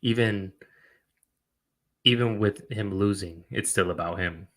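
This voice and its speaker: Male reaction host with a lowish voice, casual and blunt, full of fillers. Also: measured pace, a crowd in the background. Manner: blunt, chatty, frequent fillers.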